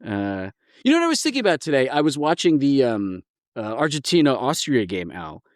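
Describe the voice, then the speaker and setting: A man's voice: medium pitch, big pitch swings, a little fast, dry recording, clean studio sound. An American man co-hosting a podcast, talking in long rambling stretches. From United States. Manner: rambling, chatty. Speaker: guest co-host. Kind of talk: casual chat.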